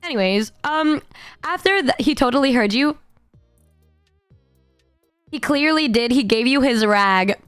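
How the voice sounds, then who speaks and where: A woman streamer with a hoarse voice, telling a story in animated casual chat, laughing and swearing freely. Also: high voice, measured pace, pauses often, no echo, studio quality, soft background music. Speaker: VTuber streamer.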